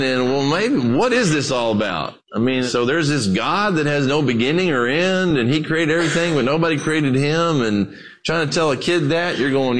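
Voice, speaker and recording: A middle-aged man preaching a sermon, telling stories and talking to his listeners as "guys" in a relaxed, conversational way. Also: medium pitch, normal speed. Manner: storytelling with acted quotes, conversational asides to "guys". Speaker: pastor.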